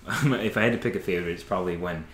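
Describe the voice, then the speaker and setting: A man's voice: deep voice, very fast, fairly bright tone. A man co-hosting a podcast, chatting casually about films and thinking aloud with lots of fillers. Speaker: podcast co-host. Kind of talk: casual film discussion. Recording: echoey room, faint noise.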